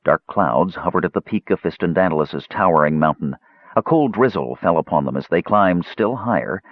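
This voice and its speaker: Deep, husky fantasy audiobook narrator. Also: male voice, dry recording, lo-fi sound.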